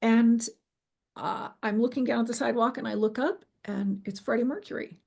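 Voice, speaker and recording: A middle-aged guest describes her near-death experience during an interview, her voice gravelly and somewhat high. She's an animated storyteller who slips into quoting dialogue and fills gaps with ums and false starts.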